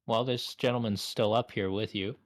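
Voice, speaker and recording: A man's voice: fairly low pitch, steady tone, normal speed, dry recording, clean studio sound. A man narrating a tabletop game as game master, casual and profane.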